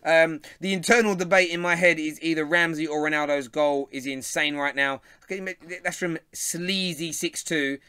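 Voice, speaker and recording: A chatty young London man hosts a live fan show, laughing as he reads viewers' comments. His voice is bright and a little high, recorded close and dry. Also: steady tone, moderate pace, few pauses, clean tone, no echo. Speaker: host.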